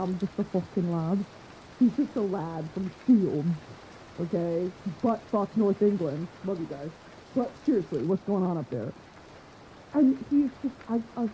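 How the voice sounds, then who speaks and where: A woman hosts her podcast in loose, casual chat, rambling and swearing freely as she gets carried away. Her voice is dark and mellow, set at an ordinary woman's pitch. Faint rain patters behind her. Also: a little hiss or hum, rough recording. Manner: profane, rambling and enthusiastic. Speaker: podcast host.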